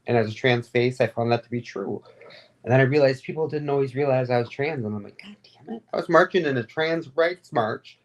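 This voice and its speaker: A woman being interviewed, telling stories in a rambling, animated and candid way, with frequent fillers. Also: very deep voice, fairly quick. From Florida. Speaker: guest, advocate and radio host. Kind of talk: casual interview storytelling.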